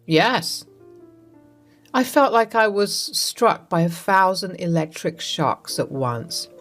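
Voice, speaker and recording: A woman reading a first-person story with a dramatic, expressive delivery. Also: on the low side, unhurried. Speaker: story narrator. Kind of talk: first-person scripted narration. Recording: narration over soft music.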